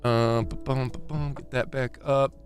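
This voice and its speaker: A man chatting casually on a live stream, rambling and self-deprecating, often restarting his sentences and getting excitable. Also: mid-range voice, a little slow, soft background music.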